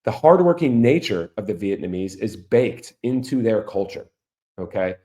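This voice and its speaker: A man's voice: on the low side, sing-song, normal speed, warm tone. A middle-aged man from Florida hosting a podcast, talking to listeners in a chatty monologue and throwing them rhetorical questions. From Orlando, Florida. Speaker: podcast host. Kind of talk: casual monologue.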